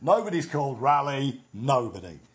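A man's voice: mid-range voice, sing-song, normal speed. A man with a northern English accent co-hosting a casual comedy chat, rambling and swearing with jokey asides. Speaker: podcast co-host.

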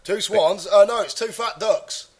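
Guy with a cold and a high voice, goofing around on a podcast, rambly. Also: measured pace, breathy edge. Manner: jokey, puts on silly voices, rambling. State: has a head cold and sore throat. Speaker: podcast co-host. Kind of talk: joking casual chat.

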